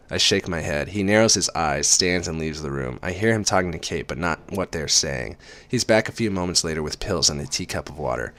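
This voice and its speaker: A man's voice: a bass voice, a little fast, a bit bright. A man reading a book aloud in the first person, breaking off for sarcastic, profane asides. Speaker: reader.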